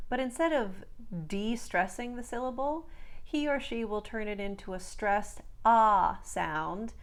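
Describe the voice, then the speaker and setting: Slow, precise woman accent coach. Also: on the low side. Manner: slow, carefully enunciated drill words. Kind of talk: scripted accent lesson.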